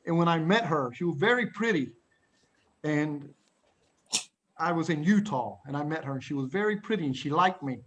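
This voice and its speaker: Animated man telling a story on a video call. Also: a little high, normal speed, long pauses. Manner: animated, dramatic storyteller, chuckles often. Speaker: English teacher. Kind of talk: storytelling lesson to children.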